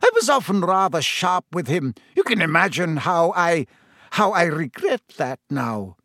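A man's voice: a little high, big pitch swings, a little slow, fairly bright tone, dry recording, clean studio sound, pitched above the performer's own voice. Man voicing a stern older schoolmistress. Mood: rueful. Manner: clipped and stern, thick with emotion. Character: stern older woman teacher, strict but grieving.

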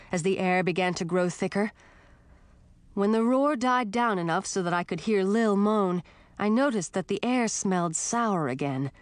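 A woman reading a first-person fantasy story with steady, expressive narration. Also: mid-range voice, dry recording. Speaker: audiobook narrator.

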